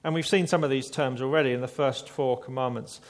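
A man delivering a sermon at a steady, medium pitch. He speaks in a measured, reflective way and slows down for emphasis. Now and then he turns to his listeners with a light aside. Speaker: preacher.

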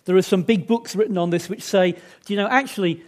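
High-voiced chatty male preacher. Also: brisk. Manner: chatty, self-deprecating, many restarts. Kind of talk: sermon.

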